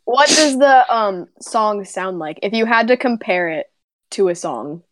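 A woman's voice: mid-range voice, expressive, measured pace, a bit bright, no echo. A woman playing in a tabletop game, chatting casually and giggling as she rambles. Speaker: player.

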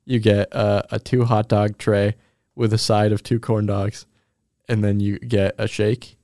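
A young man co-hosting a comedy podcast, rambling through deadpan, absurd jokes in casual chat. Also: on the low side, measured pace, no room sound, clean studio sound. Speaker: podcast co-host.

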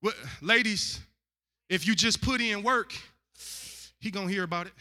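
Emphatic high-voiced male preacher in a hall. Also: normal speed. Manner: emphatic, shouting punchlines, street slang. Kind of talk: comic, animated sermon. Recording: echoey hall.

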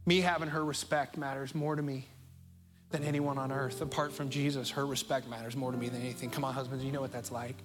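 A middle-aged man with an American accent preaching a sermon as pastor, earnest and openly emotional, slowing right down on key phrases. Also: medium pitch, flat delivery, soft background music. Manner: emotional, earnest, speeds up and slows down for emphasis.

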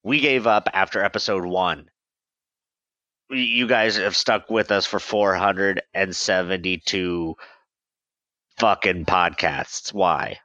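Male comedy co-host, low and unhurried, exasperated mock-pleading delivery, dull lo-fi sound. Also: steady tone, bright, forceful tone, dry recording. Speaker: podcast co-host. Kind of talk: comedic podcast banter.

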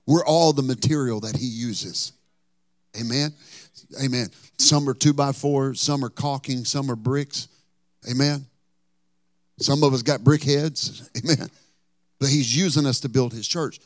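A male pastor preaching a sermon, telling Bible stories dramatically and rising to loud bursts. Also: medium pitch, normal speed, dry recording.

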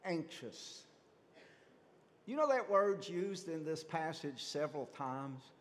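A lively man preaches with a voice that swings freely up and down, speaking a little high for a man. He keeps asking his listeners questions. His voice rings with a long reverb, as in a big hall. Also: slow. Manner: animated, rhetorical questions to the congregation. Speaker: pastor. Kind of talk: sermon.

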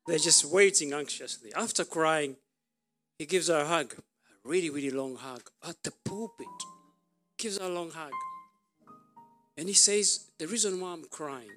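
A man preaching a sermon, telling a story with pauses and restarts. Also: a little high, fairly bright tone, soft background music. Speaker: pastor.

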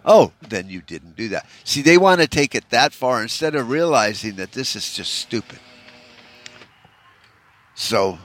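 A man's voice: medium pitch, expressive, unhurried, long pauses, fairly bright tone. A man hosting a solo podcast, delivering a rambling, profane rant in a discouraged, bitter tone, full of "you know" fillers. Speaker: podcast host.

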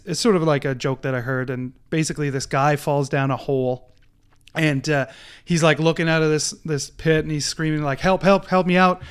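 A man, a podcast guest, telling a story in an animated, casual way. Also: mid-range voice, clear, resonant tone. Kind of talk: casual conversation.

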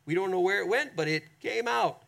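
High gravelly-voiced male pastor preaching. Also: normal speed. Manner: animated, dramatic scripture reading; conversational asides to congregation. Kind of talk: sermon. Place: church, streamed online.

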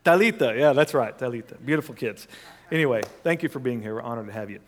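A man's voice: medium pitch, animated, quick pace. A man preaching a sermon in a church, reading scripture with conversational asides to the congregation and leading prayer with rising fervor. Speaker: pastor. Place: church sanctuary. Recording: long hall reverb.

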